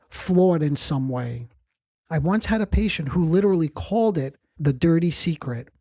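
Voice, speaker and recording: A psychotherapist hosting a podcast, explaining ideas in a measured, clinical way and often rephrasing points and quoting patients. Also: medium pitch, darkish tone, no echo.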